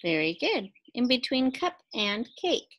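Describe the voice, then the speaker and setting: A woman teacher giving a recorded phonics lesson to second graders, speaking slowly and clearly and pausing for imagined answers. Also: on the high side, big pitch swings, fairly bright tone, slight background noise, low-quality recording. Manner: slow, clearly enunciated teacher talk with pauses for imagined answers.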